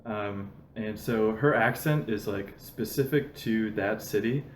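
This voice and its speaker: A man's voice: fairly low pitch, a little slow. A man hosting a podcast, telling loose stories with constant fillers and frequent laughter in a casual chat. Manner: rambling storyteller with constant "like" fillers, laughs often. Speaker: podcast host. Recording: roomy echo, faint background noise.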